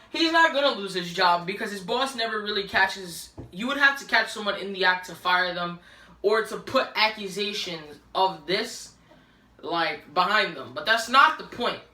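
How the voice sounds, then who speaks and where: Woman, angry vlog rant, profane, frustrated, bright tense voice, phone on selfie stick, roomy echo. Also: medium pitch, expressive, moderate pace. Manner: profane, frustrated, rising to shouting. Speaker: vlogger.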